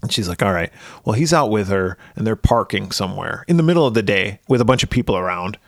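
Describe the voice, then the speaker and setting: A man's voice: on the low side, animated, fast talker, no echo, studio quality. A man co-hosting a podcast, recapping a movie in casual chat, laid-back and swearing freely. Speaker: podcast co-host.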